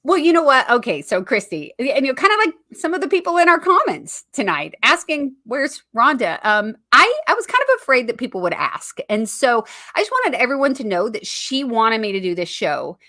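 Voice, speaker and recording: A woman's voice: on the high side, big pitch swings, a little fast, hardly any pauses, pushed and bright. A woman hosting an online comedy talk show, joking playfully and teasing herself and her guest. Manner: playful, teasing, self-mocking. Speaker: host. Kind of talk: casual comedy banter.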